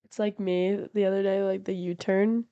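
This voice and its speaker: A woman chatting as a podcast guest in a house, animated and blunt, swearing freely. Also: mid-range voice, normal speed, smooth, dry recording, highs cut off. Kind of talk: casual chat.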